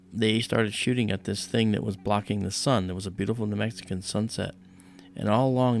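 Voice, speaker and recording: A man's voice: lowish voice, creaky, slight background noise. A man hosting a livestream, telling a personal story casually and animatedly, acting out the voices of people in it. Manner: animated retelling, acts out quoted voices. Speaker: livestream host.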